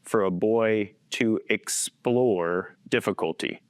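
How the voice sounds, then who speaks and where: Thirties guy coaching type, lowish voice, dry close sound, tells stories earnestly and chuckles a lot. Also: takes it slowly, dry recording. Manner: earnest, chuckles often while telling stories. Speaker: podcast guest, faith-based coach. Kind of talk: personal storytelling in conversation.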